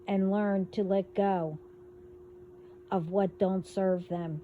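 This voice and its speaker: A woman hosting a casual spiritual monologue, talking in a rambling, halting way as she delivers warnings. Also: mid-range voice, fairly even intonation, phone-quality sound, slight background noise. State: hiccups. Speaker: spiritual video host.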